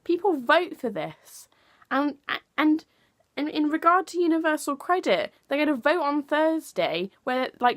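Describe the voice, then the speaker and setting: A young woman ranting in a political opinion vlog, heated and swearing, packing her speech with "like". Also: sits high. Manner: heated, swearing, heavy use of "like". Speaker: political vlogger.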